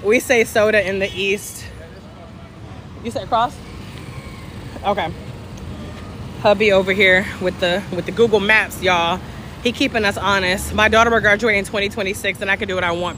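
A woman's voice: medium pitch, fairly even intonation, normal speed, pauses often, fairly bright tone, a little hiss or hum. A middle-aged woman from the South, chatting casually with livestream viewers while walking outdoors, joking and answering their comments. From Southern United States. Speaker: travel vlogger. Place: city street outdoors with traffic. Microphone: phone held at arm's length.

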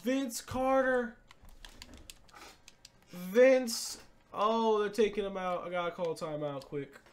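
Live gameplay talk from a hyped-up male YouTuber who shifts between quiet muttering and shouting and keeps repeating catchphrases. He speaks at a slow pace.

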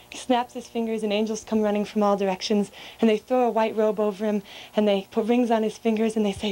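Woman telling a lively joke. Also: medium pitch, a little fast, low-quality recording. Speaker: storyteller.

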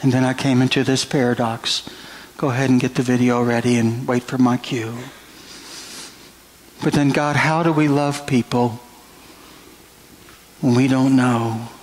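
A man's voice: medium pitch, level tone, unhurried, pauses often, slight background noise, poor audio. A middle-aged man preaching a sermon as pastor in a church, earnest and drawn out. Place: church sanctuary.

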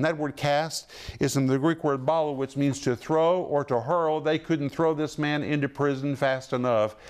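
A man teaching the Bible on television, with an emphatic, dramatic delivery that rises and drops sharply as he explains word meanings step by step. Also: mid-range voice.

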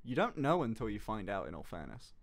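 A young man streaming, chatting casually with quick jokes and frequent swearing. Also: on the low side, very animated. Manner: fast, joking, swears often, laughs a lot. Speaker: streamer host.

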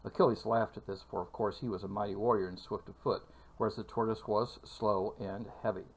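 Low-voiced man giving a math lecture. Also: fairly even intonation. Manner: measured, with frequent fillers and pauses. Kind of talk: recorded video lecture.

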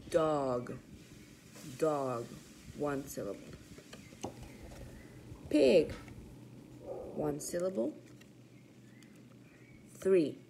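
A woman teaching young children to count syllables. She says each word slowly, then repeats it. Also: low-pitched, creaky, darkish tone, a little hiss or hum. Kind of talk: slow, clear classroom lesson for young children.

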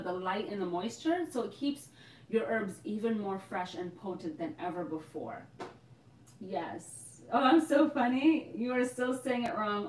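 Bubbly young woman hosting a live chat, mid pitch, roomy sound from off the mic. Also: recorded from a distance. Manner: bubbly, laughs often, exclaims "oh my gosh". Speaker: host of a live Q&A for a hair care shop. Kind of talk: casual live-stream chat. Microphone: phone.

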